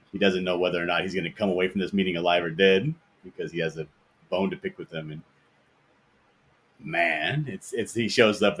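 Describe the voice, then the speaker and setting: A man hosting a casual podcast chat, telling stories in a rambling, animated way. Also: low-pitched, breathy edge.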